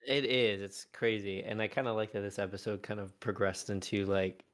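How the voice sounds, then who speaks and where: A man's voice: on the low side, level tone, moderate pace. A man in his thirties, a podcast co-host and father of three, chatting casually with lots of "like" and "um". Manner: loose, filler-heavy questions. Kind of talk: casual chat.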